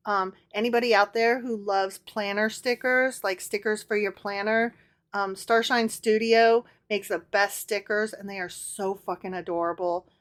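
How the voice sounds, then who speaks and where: A woman co-hosting a podcast in irreverent casual chat, joking and swearing with quick asides. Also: medium pitch, steady tone. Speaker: podcast co-host.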